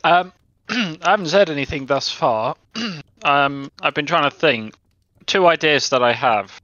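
A young man with a bright, forceful voice talks through his ideas as a tabletop player, pausing and restarting often. The sound is dry and a little dull, like a lo-fi recording. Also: on the high side, expressive, no room sound. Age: young adult. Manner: hesitant, many fillers and restarts. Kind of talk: casual tabletop chat.

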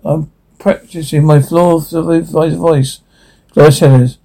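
A man's voice: a little high, normal speed, dark tone, poor audio. A man reading a cartoon script aloud, switching between character voices, reading out the stage directions and stumbling into frequent restarts. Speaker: script reader.

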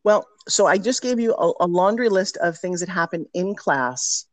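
A middle-aged woman, a personal development teacher appearing as a podcast guest, tells stories with energy and emphasis in a casual interview. Her lowish, expressive voice moves at a normal speed and is recorded close and dry, without any room sound.

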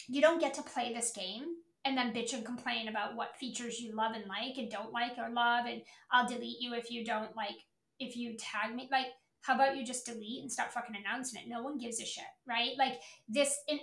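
A woman's voice: a little high, vocal fry, a bit bright, roomy sound. A woman in her thirties hosting a business podcast, talking bluntly and profanely with impatient emphasis. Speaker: podcast host, business owner. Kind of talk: blunt motivational podcast monologue.

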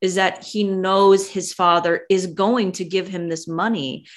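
A woman in casual conversation, speaking in a measured, thoughtful way and often agreeing. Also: fairly low pitch, steady tone. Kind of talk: casual chat.

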